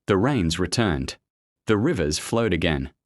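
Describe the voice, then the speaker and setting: A man tells a folktale in scripted storytelling narration, measured and expressive. His voice is low, with lively rises and falls. The sound is dry and close. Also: no echo.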